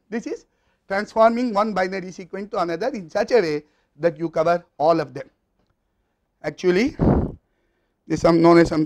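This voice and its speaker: A man with a high voice and an Indian English accent delivers a recorded lecture. He explains step by step at a measured pace, his phrases trailing off softly at the ends.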